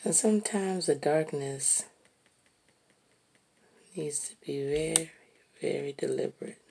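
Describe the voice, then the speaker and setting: A woman musing aloud while she draws, slow and reflective, sometimes dropping to a soft whisper. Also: low voice, creaky, a little hiss or hum. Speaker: artist narrating while drawing. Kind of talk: reflective casual monologue.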